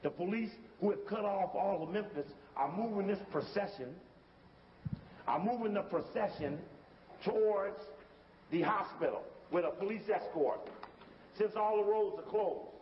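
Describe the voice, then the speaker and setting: A man's voice: sits high, normal speed, big-room sound, lo-fi sound, slight background noise. A man giving casual, emphatic commentary over video footage and calling out cues to stop and rewind it. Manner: emphatic, talks straight to the listener and calls out cues to stop and rewind.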